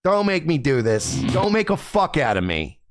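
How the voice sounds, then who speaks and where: A man's voice: fairly high pitch, very animated, moderate pace, over loud music. A male streamer host giving profane, ranting livestream commentary full of contempt.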